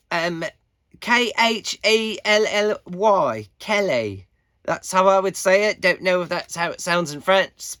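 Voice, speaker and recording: Male vlogger, casual update, slow and halting, bright tone. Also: high-pitched, no room sound, studio quality. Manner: halting, many fillers, unhurried. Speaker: air guitarist giving competition updates.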